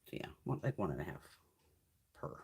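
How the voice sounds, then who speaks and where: A woman in her fifties chatting casually through a live makeup haul, swearing freely and laughing often. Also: brisk. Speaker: beauty vlogger. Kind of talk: casual live-stream chat.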